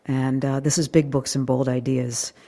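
A woman interview host introducing her show and framing questions for an author in a curious, measured way. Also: a bass voice, flat delivery, vocal fry, warm tone. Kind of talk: interview hosting.

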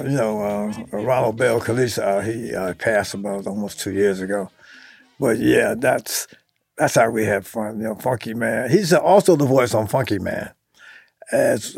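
An older man in a relaxed interview, his voice gravelly and husky. He talks haltingly, full of ums and you-knows, and the sound is close and dry. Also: mid-range voice, no room sound, soft background music. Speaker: musician guest. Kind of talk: casual interview talk.

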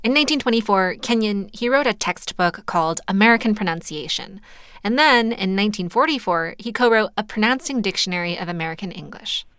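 A woman reporter delivering scripted radio narration in a crisp, conversational storytelling way. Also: medium pitch, animated, fairly quick, fairly bright tone, dry recording. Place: studio booth.

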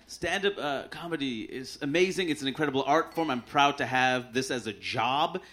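A man doing a stand-up set on a club stage with a handheld mic, dry and deadpan, putting on quick voices for his bits. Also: a little high. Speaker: stand-up comedian. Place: comedy club stage with audience laughter. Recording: live club recording with clear audience noise.

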